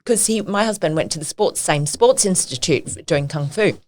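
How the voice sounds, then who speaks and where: Middle-aged woman, podcast guest, lively swooping pitch, laughs often, casual storytelling. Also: moderate pace, few pauses. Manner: animated, laughs often while telling stories.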